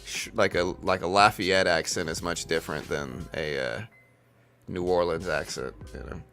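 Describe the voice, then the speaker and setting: A man hosts a live trading stream, talking loosely and filling gaps with "like" and "you know." His voice sits very low. Faint music plays behind him. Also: fairly even intonation, normal speed, a bit bright. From South Louisiana. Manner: rambling, filler-heavy, calls viewers bro and dude. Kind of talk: casual live-stream chat.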